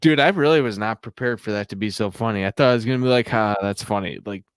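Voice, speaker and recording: A man's voice: mid-range voice, racing, clear, resonant tone, dry recording. A young man hosting a casual podcast, rambling and laughing a lot as he talks. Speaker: podcast host. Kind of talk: casual chat.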